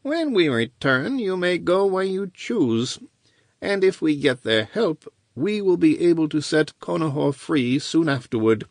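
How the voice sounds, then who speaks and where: A man's voice: fairly high pitch, big pitch swings, unhurried, no echo, pitched above the performer's own voice. A man reading an audiobook, voicing a cold, scheming male wizard who speaks dryly and bleakly in a raised voice. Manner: dry and clipped.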